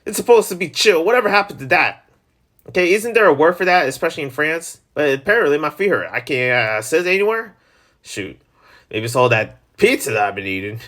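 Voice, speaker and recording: A man hosting his own channel, chatting casually and rambling about news and video games with jokes and sudden pitch swings. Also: sing-song, fairly quick, a bit bright. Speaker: channel host. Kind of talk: casual solo gaming chat.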